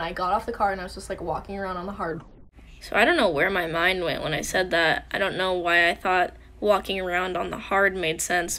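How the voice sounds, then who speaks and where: A young woman telling a story from her own night in a casual vlog, animated and full of "like". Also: medium pitch, a little hiss or hum. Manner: animated storytelling, acting out everyone's lines, heavy use of "like". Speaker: vlogger.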